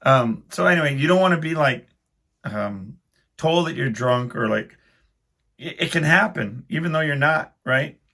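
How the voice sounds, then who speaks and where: A man's voice: on the high side, expressive, normal speed, gravelly, pushed and bright. A man hosting his own podcast, telling a rambling, self-deprecating story in casual speech full of restarts. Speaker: podcast host.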